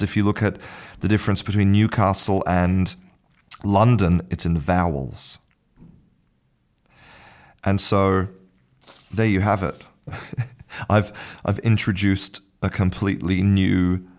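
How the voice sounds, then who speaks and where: Low-voiced man explaining pronunciation. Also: darkish tone. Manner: thinking aloud, restarts phrases, chuckles at own ideas. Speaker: pronunciation teacher and podcast host. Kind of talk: casual explanatory monologue.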